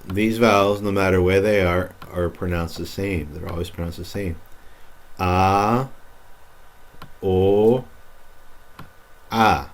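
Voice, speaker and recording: A man's voice: low-pitched, a little hiss or hum. A man teaching Spanish pronunciation in a recorded lesson, patiently repeating each word for practice.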